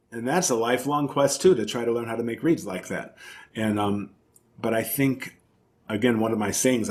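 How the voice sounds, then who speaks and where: A man, a professional oboist, talking in an interview and explaining his craft thoughtfully with emphatic repetitions. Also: mid-range voice. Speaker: principal oboist and oboe professor, interview guest. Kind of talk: conversational interview.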